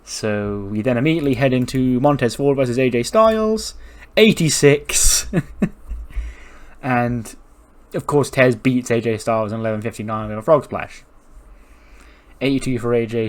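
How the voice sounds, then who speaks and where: A man casually narrating a game session and reading out results. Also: mid-range voice. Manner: casual, chatty, acts out characters. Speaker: game streamer. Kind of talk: let's play commentary with role-play.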